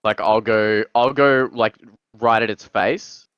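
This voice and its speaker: Smooth low-voiced male gamer, dull mic. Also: steady tone, slow, a bit bright, dry recording. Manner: casual, swears often, hesitant planning. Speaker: player. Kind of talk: casual tabletop game chat.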